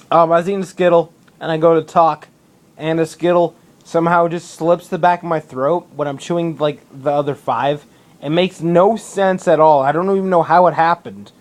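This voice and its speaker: A man's voice: a little high, darkish tone. A young man vlogging to camera indoors in a public building, rambling in a casual monologue, swearing a lot and restarting his sentences often.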